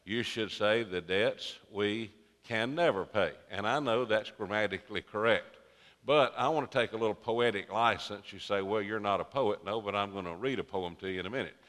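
Older preacher in a reverberant sanctuary. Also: male voice, lowish voice, a bit bright. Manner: folksy, unhurried preaching with rising emphasis. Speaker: pastor. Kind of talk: sermon. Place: church sanctuary.

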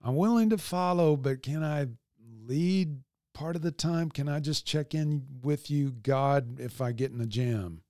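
A man voicing a hesitant believer who bargains with God, speaking in a higher, pleading tone. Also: unhurried, dark tone, no room sound, studio quality. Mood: bargaining.

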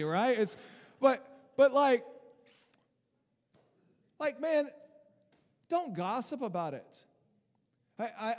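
A man's voice: high voice, darkish tone, in a large hall. A man preaching a sermon as a pastor, talking conversationally and animatedly, often restarting and mimicking other people's voices.

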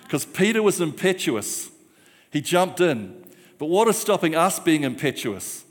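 A man preaching a sermon, rousing the congregation with repeated call-and-response phrases. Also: on the high side. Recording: long church hall reverb.

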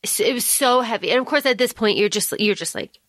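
A woman's voice: on the high side, fast talker, fairly bright tone, no echo, studio quality. A woman co-hosting a podcast, recapping a novel in casual chat, emphatic and swearing freely, acting out the characters' lines. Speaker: podcast co-host.

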